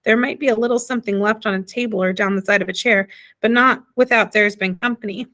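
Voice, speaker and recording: A woman voicing a weary, slow-spoken tiny father in a storybook reading, with plain rustic grammar. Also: medium pitch, steady tone, sharp tone, lightly acted.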